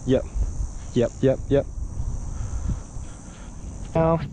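Angler-vlogger, warm mellow tone, excitable and sweary, light outdoor hiss. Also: male voice, mid-range voice, extremely slow. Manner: excitable, swears when frustrated. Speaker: fishing vlogger. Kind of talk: casual fishing vlog commentary. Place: outdoors on the water.

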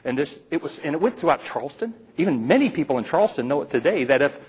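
A man's voice: a little high, very animated, fast, slightly rough, poor audio. A man telling a playful folk tale aloud to a live audience, with teasing asides to the listeners. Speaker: storyteller.

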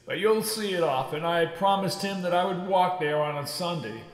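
A man's voice: animated, moderate pace, reverberant, long reverb tail, rough recording. A man voicing a heartbroken humble father. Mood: grieving. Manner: low, quiet, broken with grief. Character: grieving kind father, humble clerk.

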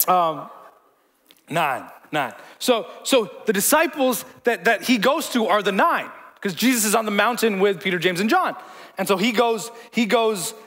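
Pastor guy preaching in a church hall, chatty, trips over his words, high voice. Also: animated, unhurried, a bit bright. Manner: conversational, repeats words, jokes with the congregation. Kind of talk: sermon.

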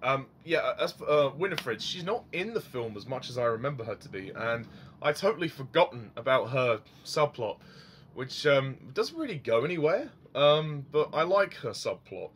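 A young man talks through a film review in an easy, unscripted way. He rambles, fills his pauses with ums and chuckles at his own comments. His voice sits at an ordinary middle pitch for a man. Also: very animated, a little hiss or hum. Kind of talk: casual film review monologue.

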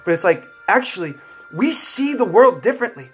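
Young guy a bit high-voiced, earnest rambling vlog talk, says like a lot. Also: expressive, brisk, breathy edge, soft background music. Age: young adult. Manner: heartfelt, rambling, many "like" fillers. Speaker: vlogger. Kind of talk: earnest personal storytelling.

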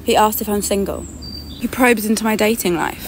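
A woman's voice: medium pitch, steady tone, a little fast, very noisy. Woman telling a sarcastic storytime. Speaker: storyteller in a clip being reacted to. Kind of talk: storytime monologue.

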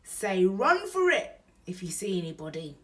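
A woman voicing a rough-talking male burglar who is kindly underneath, drawn out and exclaiming slowly. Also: mid-range voice, sing-song, recorded from a distance, close to an everyday voice. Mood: coaxing.

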